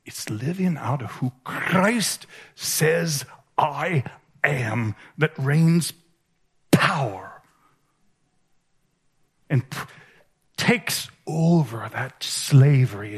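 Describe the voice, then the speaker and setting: A man giving a sermon as a conference speaker, animated and emphatic, swinging between hushed and raised delivery. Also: on the high side, extremely slow, gravelly, pauses often, slightly rough. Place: conference hall.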